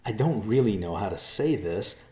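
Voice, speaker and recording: A man plays a nervous grown man in a storybook reading, pleading earnestly and stumbling over his words. The voice is pitched above the reader's deep own, with a roomy echo. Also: lively intonation, moderate pace, mellow, natural voice. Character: nervous adult man, apologetic schemer.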